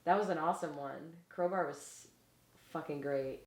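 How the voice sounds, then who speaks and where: Blunt low-voiced woman, roomy sound. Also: normal speed. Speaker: interviewee. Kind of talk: casual interview.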